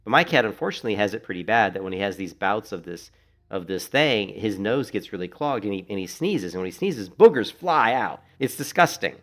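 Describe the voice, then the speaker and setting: A middle-aged man, streaming gameplay from home in Florida, talks casually as he plays. He's very animated and fairly quick, with a fairly low pitch, and tells laid-back, rambling stories full of free swearing.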